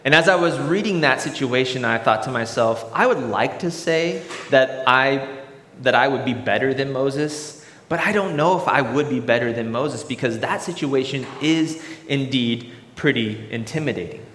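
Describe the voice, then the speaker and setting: A male pastor giving a sermon, lively and conversational, acting out little example voices. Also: mid-range voice, normal speed. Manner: animated, acts out voices in examples. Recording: roomy hall reverb.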